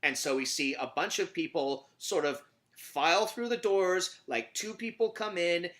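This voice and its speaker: A man co-hosting a movie podcast, talking in a sarcastic, animated way. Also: sits high, measured pace. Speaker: podcast co-host. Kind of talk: casual film review chat.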